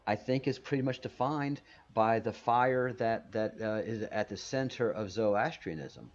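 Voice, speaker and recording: Hosting a casual video call stream, a man rambles, restarting sentences and repeating words often. His fairly low voice moves at a normal speed, and the video call audio is muffled.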